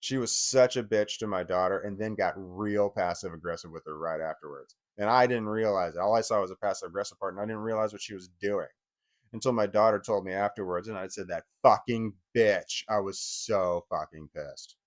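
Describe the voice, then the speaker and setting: A vlogger in his forties, with a deep voice and brisk delivery, goes on an angry, profane personal rant. He frequently stumbles and starts his sentences over.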